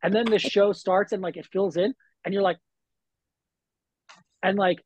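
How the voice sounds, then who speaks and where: A man's voice: high voice, fairly even intonation, measured pace, darkish tone, slight background noise. A man, a wrestler guest on a podcast, telling stories in a laid-back way with lots of fillers. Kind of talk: casual podcast chat.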